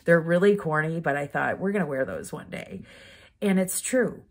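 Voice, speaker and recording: A woman's voice: low-pitched, lively intonation, moderate pace. A mother speaking in a candid personal vlog, rambling and heartfelt, emotional and close to tears. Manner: rambling, heartfelt, many "like" fillers. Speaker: vlogger, mother.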